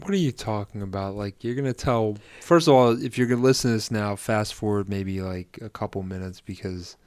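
A man's voice: on the low side, brisk, a little mellow, smooth, dry recording. A man in a casual movie debate, rambling with lots of "like" and insisting on his point.

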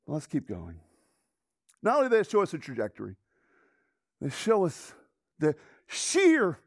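A man preaching a sermon, animated and storytelling, dropping to hushed asides and rising to loud exclamations. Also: on the high side, slightly rough, no room sound, studio quality. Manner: frequent restarts and laughs while telling stories.

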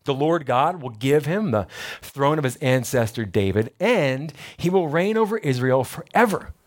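A man voicing a male angel messenger who speaks in a gentle, reassuring way. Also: mid-range voice, lively intonation, moderate pace, close to an everyday voice.

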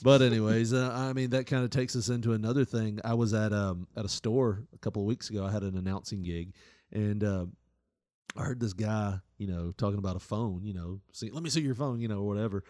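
A man's voice: lowish voice, fairly even intonation, brisk, dark tone, no room sound, studio quality. A man, co-hosting a podcast and telling stories in casual chat, laughing often and acting out other people's voices. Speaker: podcast co-host.

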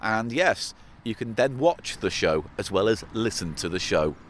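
A man's voice: fairly low pitch, animated, normal speed, fairly bright tone, slight background noise. A man hosting a comedy podcast, playful and jokey in casual banter.

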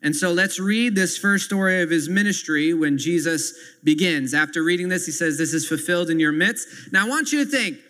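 A man's voice: high voice, lively intonation, brisk, few pauses, bright, forceful tone. A man preaching a sermon as pastor, earnestly explaining scripture and stopping to add asides to his listeners. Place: church sanctuary. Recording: long hall reverb.

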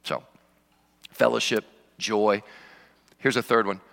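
Pastor, man, informal preacher who jokes with the room; sharp, bright tone. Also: lowish voice, steady tone, slow pace, gravelly. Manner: conversational preaching with joking asides. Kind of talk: sermon. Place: church sanctuary. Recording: long reverb of a large hall.

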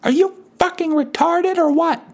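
A man's voice: very high voice, steady tone, normal speed, creaky, darkish tone, pitched above the performer's own voice. A man voicing an elderly cat lady who screams and swears furiously. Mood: screaming rage. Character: old cat-loving woman turned foul-mouthed rager.

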